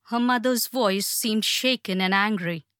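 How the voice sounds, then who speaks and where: Woman, audiobook narrator, slow, deliberate, tense storytelling, dry close recording. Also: mid-range voice, fairly bright tone, dry recording.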